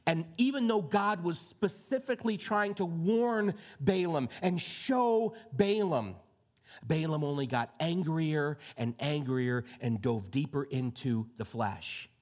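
High, animated male preacher. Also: highs cut off. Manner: animated, conversational preaching with acted asides. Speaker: pastor. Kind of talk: sermon.

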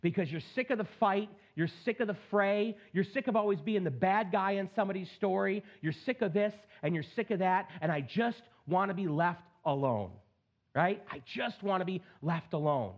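Male pastor, middle-aged, animated sermon, higher voice, lively pitch, dull lo-fi sound. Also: normal speed. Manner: animated, joking asides, plain-spoken.

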